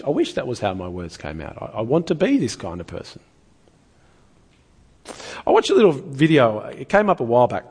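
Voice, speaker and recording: A man's voice: medium pitch, a little mellow, husky. A man preaching a sermon in an earnest, conversational way, often asking the listeners rhetorical questions.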